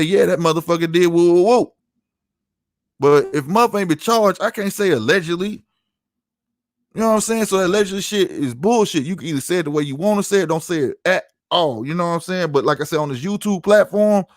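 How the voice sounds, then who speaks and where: A man's voice: fairly high pitch, dry recording, studio quality. A middle-aged man hosting his own podcast, ranting in a heated, profane, emphatic way to his live chat. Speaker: podcast host. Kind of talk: heated solo livestream rant.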